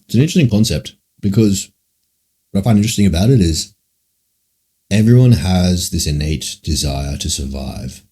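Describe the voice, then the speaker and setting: A man's voice: deep voice, expressive, moderate pace, mellow, slightly rough. A man streaming live and answering chat questions in a rambling, musing way, swearing often. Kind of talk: casual livestream Q&A.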